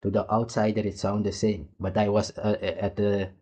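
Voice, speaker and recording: A man's voice: fairly low pitch, little pitch movement, a little fast, mellow. Rambling man commenting. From Suriname. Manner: rambling and digressive, often trailing off. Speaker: host reacting to a clip. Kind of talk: casual reaction commentary.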